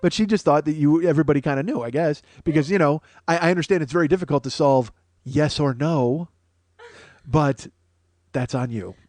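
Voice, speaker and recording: A man's voice: on the high side, brisk, a little mellow, dry recording. A man hosting a comedy podcast, ranting in a rambling, profane way that keeps interrupting itself. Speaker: podcast host.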